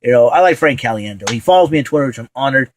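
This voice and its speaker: A man talking casually into the camera at home, rambling from thought to thought with lots of fillers. His voice sits at an ordinary middle pitch, and he sounds enthusiastic. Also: animated, racing, a little hiss or hum, poor audio. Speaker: show host. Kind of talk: casual vlog monologue.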